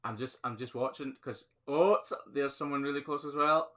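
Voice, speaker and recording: A man's voice: mid-range voice, normal speed, sharp tone. A man with a Scottish accent hosting a casual live Q&A on his phone, chatty and upbeat, laughing often as he reads viewer comments. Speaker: livestream host, hoof trimmer.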